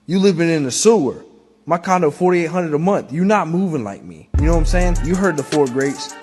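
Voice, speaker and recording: A man's voice: on the high side, lively intonation, fairly quick, natural voice. A man playing a boastful male horror villain who rambles and brags in a comedy sketch interview. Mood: bragging. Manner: bragging, rambling. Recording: hip hop music behind.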